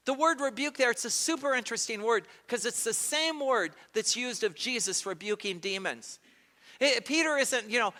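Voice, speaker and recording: A man delivers a sermon as pastor, his voice sitting high and sounding bright and forceful. He retells scripture dramatically, acting out the voices of the people in the story. The sound carries a long reverb from a large church hall. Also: lively intonation, normal speed. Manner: dramatic retelling with acted quotes.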